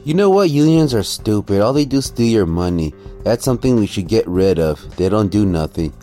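Brief: male reaction host, low and mellow, sarcastic with swinging intonation, faint music underneath. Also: animated, brisk. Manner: sarcastic, scornful, laughs at his own jokes. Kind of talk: mocking commentary over a clip.

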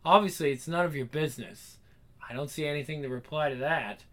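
A man reading a first-person adult comedy story aloud, animated and wry, swearing freely. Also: a little high, a little fast. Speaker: narrator.

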